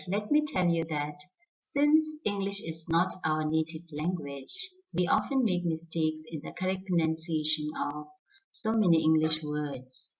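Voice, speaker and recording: A middle-aged woman teacher, a native Tibetan speaker, giving a careful pronunciation lesson and repeating each word for practice. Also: fairly low pitch. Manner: slow, careful, repeats words for drill. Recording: distant, dull lo-fi sound.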